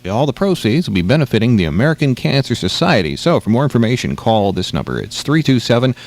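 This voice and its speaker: A man's voice: mid-range voice, very animated, fast talker, creaky. A man co-hosting a midday radio show, chatting casually, reading the weather and announcements in an easygoing way. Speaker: radio co-host.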